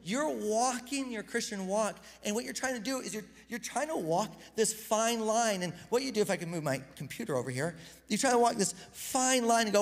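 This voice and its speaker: A pastor giving a casual, conversational sermon, energetic and self-deprecating, often repeating words as he gets going. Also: high-pitched, moderate pace, gravelly. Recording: reverberant hall.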